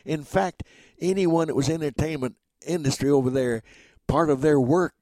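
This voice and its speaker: A man's voice: on the high side, normal speed, darkish tone, dry recording. An older man, an entertainer, reminiscing about his career in a rambling way, repeating words and chuckling as he goes. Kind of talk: reminiscing storytelling.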